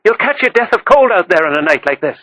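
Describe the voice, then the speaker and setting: A man voicing a kind, motherly countrywoman who scolds gently, in an audiobook. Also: high-pitched, big pitch swings, fast, no room sound, lo-fi sound, voice pushed up, full character voice. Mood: caring, gently scolding. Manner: gentle mock sternness.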